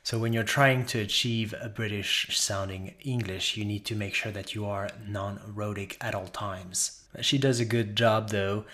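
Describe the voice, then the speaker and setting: A man working as an accent coach, explaining pronunciation points in a measured, methodical way with frequent short pauses. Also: on the low side, steady tone, sharp tone.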